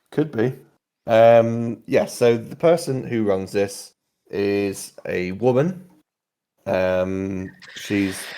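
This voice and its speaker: Game master, man, low mellow voice, halting and rambling as he describes the scene. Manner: rambling, halting, lots of ums. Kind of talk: narrating a tabletop game.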